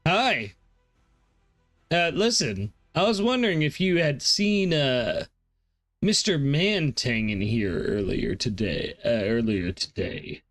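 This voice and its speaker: Lively, playful male tabletop player. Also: mid-range voice, slow pace, faint music behind. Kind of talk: playing a tabletop game.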